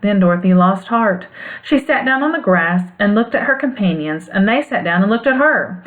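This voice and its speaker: A woman narrating a classic storybook aloud in an expressive, lilting way. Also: mid-range voice, moderate pace. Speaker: audiobook reader. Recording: phone-like narrow band sound.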